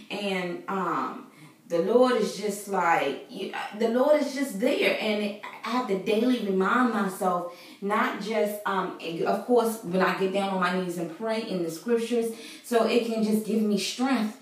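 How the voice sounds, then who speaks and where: A woman's voice: mid-range voice, slow, recorded from a distance. A woman vlogger giving an earnest, preachy faith talk to her viewers, casual and full of fillers. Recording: very echoey room, voice away from mic.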